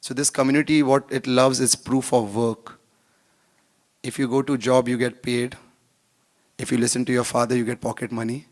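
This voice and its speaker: A man's voice: mid-range voice, moderate pace, pauses often. A man giving a conference talk on a workshop stage, telling travel stories and acting out the dialogue, in plain non-native English. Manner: animated, acts out dialogue in anecdotes. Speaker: conference speaker.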